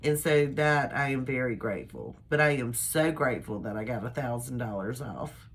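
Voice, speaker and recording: A woman's voice: a bass voice, normal speed, slightly rough. An older woman chatting casually to her camera, rambling in a chatty, homespun way. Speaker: vlogger. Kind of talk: casual personal chat to camera.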